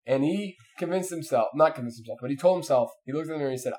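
A man's voice: fairly high pitch, rapid-fire, few pauses. A man in casual chat, telling a long story with lots of fillers and restarts. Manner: rambling, animated, many fillers and restarts.

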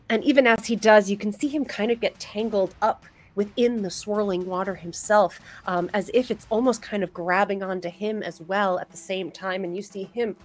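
A woman narrating a tabletop game as game master, chatty and relaxed, with many fillers. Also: mid-range voice, normal speed, hardly any pauses.

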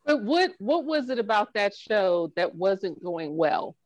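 A high-pitched man co-hosts a casual chat with frequent laughter and quick joking comments. His voice sounds close and dry, with no room echo. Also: big pitch swings, muffled recording. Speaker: podcast co-host.

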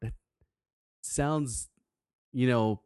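A man's voice: mid-range voice, extremely slow, a little mellow, no room sound, studio quality. A man co-hosting a casual podcast, telling profane stories and acting out quotes. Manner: profane storytelling, acts out quotes. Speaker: podcast co-host. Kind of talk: casual chat.

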